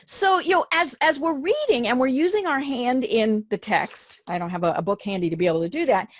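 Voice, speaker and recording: A woman's voice: high voice, animated, fairly quick, no room sound, clean studio sound. A woman hosting a podcast interview. She talks in a chatty way, full of fillers and restarts. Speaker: podcast host.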